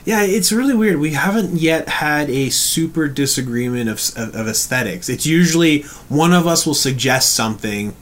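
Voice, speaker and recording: A man's voice: medium pitch, normal speed, hardly any pauses, a bit bright. A laid-back Canadian man co-hosting a casual chat about music, often agreeing with short replies. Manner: laid-back, frequent agreeing "yep" and "mm-hmm". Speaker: podcast co-host.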